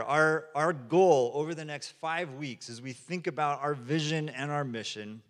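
Man preaching in a reverberant hall. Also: mid-range voice. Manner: conversational storytelling with acted quotes. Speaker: pastor. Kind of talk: sermon. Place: church sanctuary.

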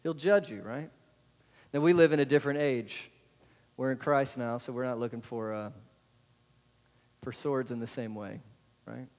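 A man preaching a sermon to a congregation. He keeps asking them rhetorical questions. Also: medium pitch. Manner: asks the congregation many rhetorical questions, adds "right?". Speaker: pastor. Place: church sanctuary. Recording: long hall reverb.

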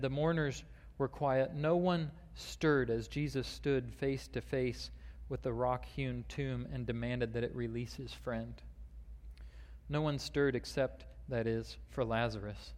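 Male pastor, mid pitch, sermon delivery, long reverb of a big room. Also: steady tone, measured pace. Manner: reads a long quoted passage aloud, with fillers and restarts.

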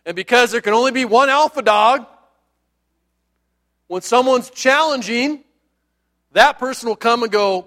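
A man's voice: very high voice, unhurried, long pauses, fairly bright tone. A man, a pastor, giving a sermon in a conversational, jokey way with asides to the listeners.

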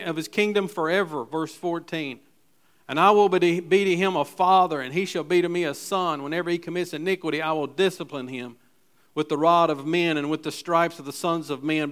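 A man preaching a sermon, reading scripture aloud and commenting between verses, pushing his voice louder on key lines and dropping low on asides. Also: clear, resonant tone. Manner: emphatic, rises in volume on key lines, drops low on asides. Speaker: pastor.

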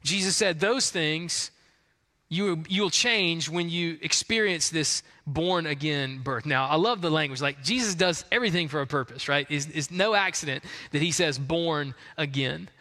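A man's voice: a little high, moderate pace. A man preaching a conversational sermon to a congregation, acting out the people in his story. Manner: conversational, acts out quotes, rising excitement. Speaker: pastor. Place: large hall with congregation. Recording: long hall reverb.

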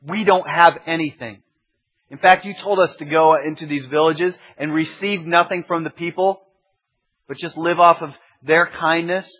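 A man voicing exasperated male disciples who argue loudly and practically about feeding a crowd. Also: fairly high pitch, steady tone, normal speed, voice pushed up, lightly acted. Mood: defensive. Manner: loud, incredulous, pleading. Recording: dull lo-fi sermon recording.

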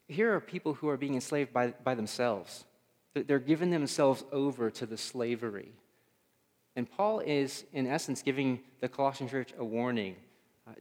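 A pastor delivering a conversational sermon; he often repeats words as he searches for them and asks his listeners questions. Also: on the high side. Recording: reverberant hall.

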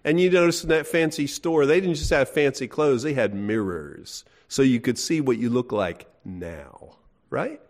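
A man's voice: mid-range voice, animated, normal speed, a little mellow. A middle-aged man preaching a sermon in a folksy, emphatic way, asking his listeners questions. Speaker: pastor.

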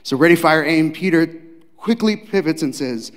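A male pastor preaching a dramatic sermon, acting out scenes, swinging from loud to hushed. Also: on the high side, animated, normal speed, long reverb tail.

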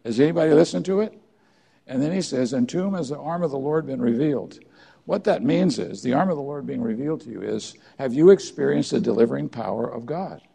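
Gravelly-voiced pastor preaching earnestly. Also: male voice, mid-range voice, expressive, fairly quick. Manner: earnest preaching with rising emphatic peaks and quiet drops. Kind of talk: sermon. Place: church.

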